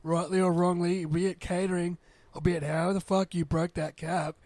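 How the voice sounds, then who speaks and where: Easygoing man, higher voice. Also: flat delivery, fairly quick, darkish tone, no room sound. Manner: easygoing, chimes in, swears. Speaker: podcast co-host. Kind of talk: casual chat.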